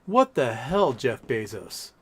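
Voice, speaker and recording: A man's voice: medium pitch, very animated, slow pace, breathy edge. A man hosting a casual live stream, reading viewer messages aloud and answering them in a blunt, profane, mocking way.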